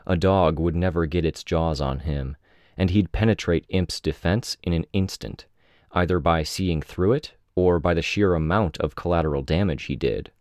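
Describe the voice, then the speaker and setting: A man with a very deep, low voice reads first-person narration at a measured pace. The sound is close and completely dry, with no room around it. His delivery stays even and steady throughout. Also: no room sound. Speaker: audiobook reader.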